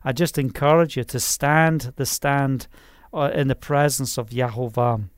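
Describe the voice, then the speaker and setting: A man's voice: mid-range voice, steady tone, a little slow, clear, resonant tone, no echo, studio quality. A man preaching an informal online sermon, rambling and conversational, with many fillers and restarts.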